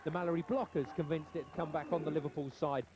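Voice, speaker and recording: A man calling live play-by-play sports commentary in brisk, excited calls. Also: a little high. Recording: old TV broadcast with audible noise.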